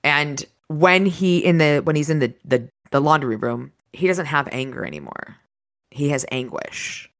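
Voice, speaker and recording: A low-voiced woman co-hosting a casual book podcast. She talks eagerly and rambles through her thoughts, often with a laugh. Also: lively intonation, a little slow. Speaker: podcast co-host.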